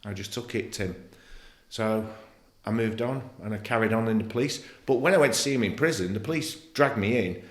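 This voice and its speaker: Fairly low in pitch and a little fast, a middle-aged Englishman who used to play football speaks as a podcast guest. He tells his story bluntly and emotionally, swearing freely, in an echoey studio.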